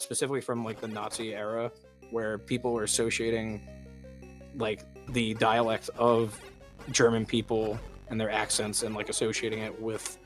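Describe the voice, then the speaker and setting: A man's voice: medium pitch, a bit bright. A man streaming a game and chatting loosely, his ordinary mid-range voice tripping over fillers and restarts as he talks. Faint game music plays in the background. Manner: rambling, lots of fillers and restarts. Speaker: streamer and host. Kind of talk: casual chat while gaming.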